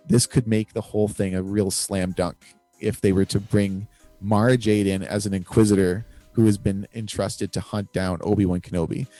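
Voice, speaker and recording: A man's voice: fairly low pitch, dark tone, no echo. A man co-hosting a casual fan discussion show, rambling with many fillers and frequent laughs. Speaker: podcast co-host.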